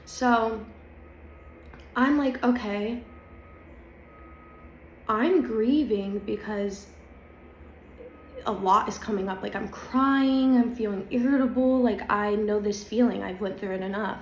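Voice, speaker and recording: Woman, casual confiding spiritual vlog, mid pitch, roomy echo with faint background hum. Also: slow pace, pauses often. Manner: chatty, confiding, emphatic. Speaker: spiritual vlogger. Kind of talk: casual spiritual talk to camera. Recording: echoey room with faint ambience.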